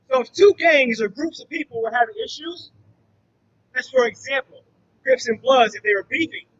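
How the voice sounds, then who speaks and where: A man's voice: extremely high pitch, bright, forceful tone, dull audio. A man, a former drug trafficker turned youth mentor, telling his personal testimony to a church audience and acting out the dialogue as he goes. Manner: earnest storytelling that acts out dialogue.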